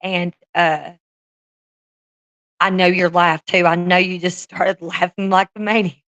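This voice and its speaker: A woman's voice: on the low side, flat delivery, a little slow, a bit bright, dry recording, highs cut off. A woman chatting casually on a livestream, laughing often and swearing freely as she talks to her viewers.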